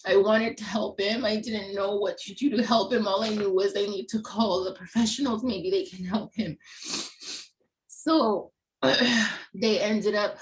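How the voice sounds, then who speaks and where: A woman in her thirties giving an emotional personal testimony, halting with pauses and fillers and often clearing her throat. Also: medium pitch, a little hiss or hum, rough recording. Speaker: family member speaking on a webinar panel.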